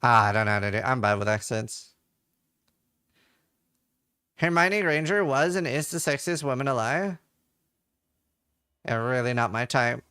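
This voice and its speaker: A man's voice: medium pitch, expressive, a little slow, long pauses, sharp tone, clear, resonant tone. A man from Norway, a game streamer, chatting casually and reading his chat aloud with offhand swearing.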